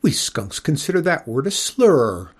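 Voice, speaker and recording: A man's voice: on the high side, big pitch swings, a little slow, slightly rough, pitched above the performer's own voice, heavily acted. A man doing a prim lecturing lady skunk. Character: prim genteel widowed mother skunk, lecturing.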